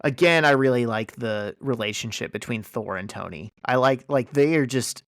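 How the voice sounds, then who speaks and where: A man hosting a casual podcast chat, retelling a story with lively energy and plenty of fillers. His voice sits at an ordinary middle pitch. It is recorded close and dry, with no room sound. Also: moderate pace, no room sound. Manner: animated storytelling with many fillers. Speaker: podcast host. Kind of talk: casual chat recapping a comic.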